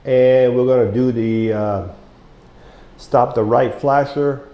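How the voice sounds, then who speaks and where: A man's voice: medium pitch, steady tone, slow, dull audio. A man walking viewers through a power wheelchair as a mobility equipment dealer, plainspoken and talking to them as folks, his voice getting worn. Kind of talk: product walkthrough demo. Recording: echoey room.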